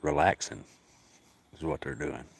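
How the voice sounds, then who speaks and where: A man's voice: sits low, steady tone, normal speed. A man chatting casually on a phone livestream outdoors, folksy and drawling, answering viewers by name. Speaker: cat sanctuary livestreamer. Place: outdoors at an animal sanctuary.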